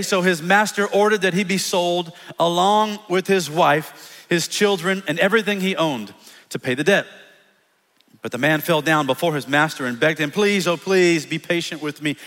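High-voiced, energetic male preacher. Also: moderate pace. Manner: energetic, animated preaching with acted-out quotes. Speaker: pastor. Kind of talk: sermon. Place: church sanctuary. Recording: long church reverb.

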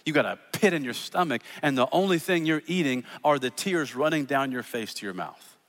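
Pastor guy preaching, kinda high voice, earnest, big hall echo. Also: fairly quick, a little hiss or hum. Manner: earnest, repeats words, drops soft for scripture. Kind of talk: sermon. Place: church auditorium. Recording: long hall reverb.

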